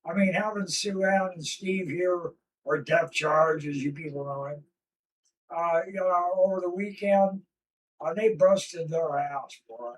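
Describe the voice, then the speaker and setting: Gruff man speaking away from the mic. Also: on the high side, unhurried, distant mic, a little hiss or hum, low-quality recording. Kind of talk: casual livestream chat.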